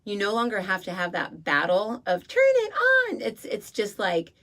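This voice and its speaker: A woman's voice: mid-range voice, normal speed, fairly bright tone. A woman radio host talking in a casual, rambling way about spirituality, with many fillers and asides.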